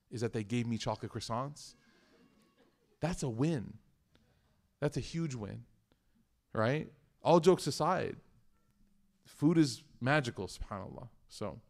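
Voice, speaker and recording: Male community speaker, relaxed faith talk, humorous storyteller who trips over his words. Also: mid-range voice. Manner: conversational and joking, with frequent restarts. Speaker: speaker at a community study circle. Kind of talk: casual religious talk with personal stories.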